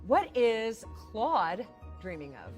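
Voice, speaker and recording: A woman narrating a tabletop game as dungeon master, gentle and playful. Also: on the high side, big pitch swings, slow, faint music behind.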